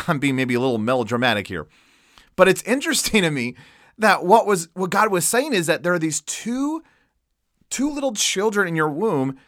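A male preacher tells a story in an animated way, laughing as he goes. His voice sits a bit high and swoops widely in pitch, and the recording is dry and close. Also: dry recording. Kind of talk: storytelling sermon.

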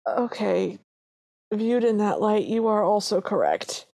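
Mellow-voiced woman recapping a film. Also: mid-range voice, measured pace, gravelly. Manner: animated retelling, quotes characters in a lightly changed voice. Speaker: podcast co-host. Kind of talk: casual chat recapping a film.

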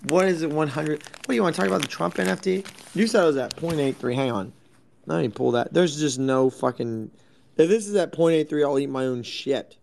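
A young man hosting a crypto talk stream, rambling and swearing in loud, jumpy, sarcastic banter from an office at night. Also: a little high, brisk, gravelly. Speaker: crypto space host.

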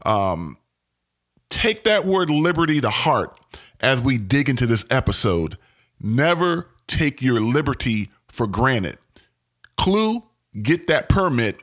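A man's voice: medium pitch, big pitch swings, slow, fairly bright tone. A man in his forties from Maryland hosting a renovation podcast, upbeat and emphatic, repeating words for effect. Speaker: podcast host. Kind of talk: podcast intro and interview.

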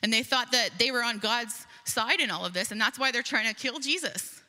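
A woman's voice: a little high, brisk, bright, forceful tone. A woman preaching a sermon, earnest and emphatic, reading scripture aloud and explaining it. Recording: long hall reverb.

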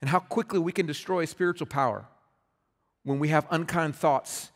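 A man's voice: on the high side, normal speed. A man preaching a sermon as pastor, earnest and conversational, often restarting his words. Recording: reverberant hall.

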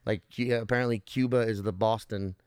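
Rambling low-voiced man chatting casually. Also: steady tone, fairly quick, a little mellow, smooth, no echo, clean studio sound. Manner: rambling, searching for words with many fillers and restarts; profane, joking. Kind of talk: casual conversation.

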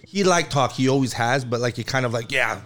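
A man's voice: medium pitch, quick pace. Male podcast co-host, teasing storyteller, everyday voice. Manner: teasing, builds stories up. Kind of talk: casual chat.

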